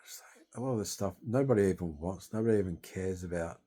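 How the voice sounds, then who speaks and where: A man's voice: deep voice, fast, warm tone. A young Australian man in distress, grieving and venting in a rambling, sweary monologue into his phone.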